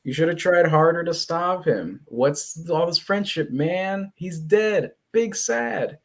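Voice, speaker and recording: A man's voice: on the high side, slow pace, gravelly, pitched above the performer's own voice, heavily acted. A man voicing an angry, grieving young superhero who blames his friend. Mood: accusing.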